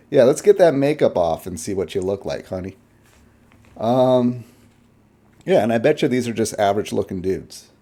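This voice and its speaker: A man's voice: mid-range voice, very animated, moderate pace, dark tone. A man giving casual, rambling reaction commentary in a blunt, chuckling way.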